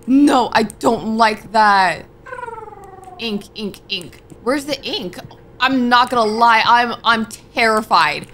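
A woman's voice: a little high, takes it slowly, fairly bright tone, slight background noise. A young woman commenting on her gameplay, talking to herself and jumping with nervous exclamations, with game music behind her. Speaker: gaming streamer.

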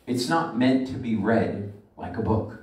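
A man, a rabbi, delivering a sermon with emphatic preaching that slows and swells on scripture, recorded in a synagogue sanctuary. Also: on the low side, expressive, darkish tone. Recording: echoey room from far off the mic.

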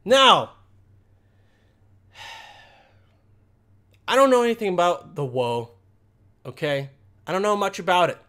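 A man with a high-pitched, fairly bright voice gives sarcastic, profane reaction commentary as a vlogger. He keeps repeating "okay?" and "all right?", frequently tacking them onto his sentences.

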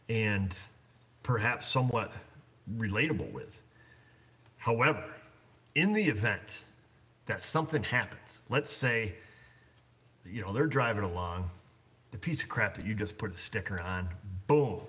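A man's voice: fairly low pitch, pushed and bright. A blunt man running a repair shop, chatting casually on a livestream and rambling with lots of fillers. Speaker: auto shop owner.

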